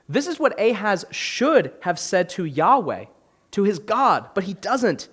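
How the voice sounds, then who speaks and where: Young adult male pastor, slightly high voice, animated sermon delivery with questions to the room. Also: a little slow. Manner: animated preaching, asks the audience questions.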